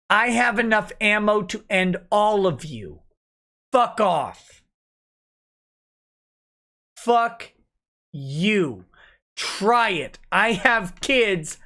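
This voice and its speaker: Slow-talking drunk man ranting. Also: high-pitched, pushed and bright. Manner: angry, profane ranting. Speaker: livestream host. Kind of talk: late-night livestream rant.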